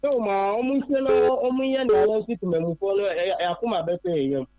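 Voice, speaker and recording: A man calls in to a radio program and presses his questions, repeating words for emphasis. His voice is high. The phone line is tinny and very dry. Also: fairly quick, no room sound. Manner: questioning, repetitive. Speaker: caller. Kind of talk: phone-in complaint.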